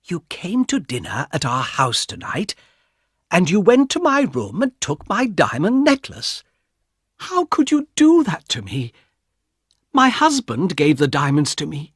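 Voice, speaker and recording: A man voicing a frightened young woman who pleads with her brother in a high, strained voice. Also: wildly swooping pitch, unhurried, fairly bright tone, breathy edge, dry recording, clean studio sound, full character voice. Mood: pleading.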